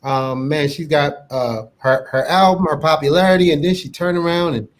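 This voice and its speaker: A man's voice: fairly high pitch, normal speed. A man hosting a casual online chat show, laid-back and joking, often stumbling over his words. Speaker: show host.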